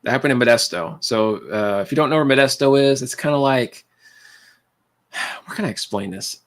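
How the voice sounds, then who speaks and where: A laid-back man is hosting a livestream and chatting with his viewers, his voice sitting at an everyday middle pitch. He talks in loose, rambling runs, laughs a lot, and keeps calling people man and dude. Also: expressive, normal speed, fairly bright tone. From California. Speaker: livestream host. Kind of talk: casual chat with viewers.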